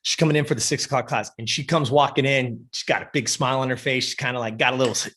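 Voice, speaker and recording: A man who runs a gym and coaches, telling an animated story in an interview, swearing freely and getting fired up. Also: mid-range voice, quick pace.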